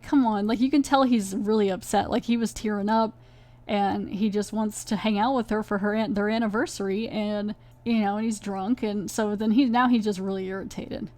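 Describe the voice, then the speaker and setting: A woman hosting a podcast, casually recapping a TV episode in a chatty, animated way. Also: medium pitch, normal speed. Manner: chatty, animated, retells scenes with quoted voices. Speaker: podcast host reviewing a TV episode.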